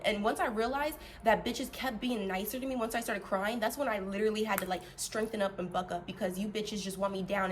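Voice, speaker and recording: A woman ranting bluntly and profanely to her vlog audience, heated and animated, swinging between loud and soft. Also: medium pitch, slight background noise. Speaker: vlogger.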